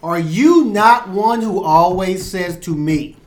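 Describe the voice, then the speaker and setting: Playful, teasing male co-host with a fairly high voice, echoey room. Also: slow pace. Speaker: podcast co-host. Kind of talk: casual chat. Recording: roomy echo.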